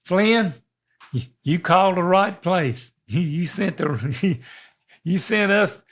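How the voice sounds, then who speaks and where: This older podcast co-host talks slowly but with animation, his high voice carrying a fairly bright tone. The casual chat rambles along in a folksy manner, full of restarts.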